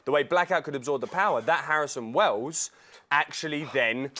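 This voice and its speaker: A man co-hosting a casual fan show, talking in an excitable, rambling way. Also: on the high side, normal speed. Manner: excitable, rambling, laughs often. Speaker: co-host.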